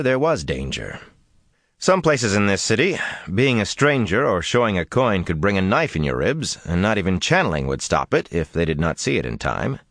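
A man narrating a fantasy audiobook with expressive, dramatic delivery. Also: on the low side, no room sound, clean studio sound.

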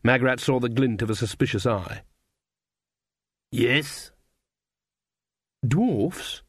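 A man narrating a comic fantasy audiobook in a measured, dry delivery. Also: medium pitch, fairly even intonation, no echo. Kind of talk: scripted narration.

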